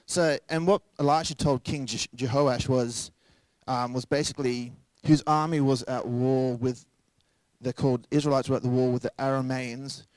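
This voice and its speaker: A young man delivering a sermon at a middle pitch. He keeps it casual and joking and acts out the people he quotes. The sound is close and dry, with no room around it. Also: fairly even intonation, moderate pace, a little mellow, no room sound. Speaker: pastor.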